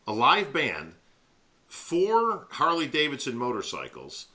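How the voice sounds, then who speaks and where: A man's voice: medium pitch, wildly swooping pitch, slow, bright, forceful tone. A man co-hosting a podcast, talking casually and laid-back, often saying "bro". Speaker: podcast co-host. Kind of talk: casual chat.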